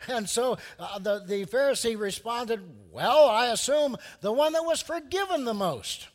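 A man preaching a sermon, telling a story with lively acted-out voices for its people. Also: sits high, long reverb tail. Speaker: pastor.

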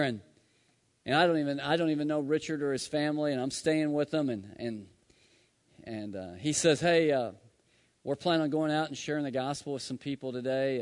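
Male pastor, slightly high voice, preaching a story-driven sermon in a church with long reverb. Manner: storytelling, swings from loud to hushed.

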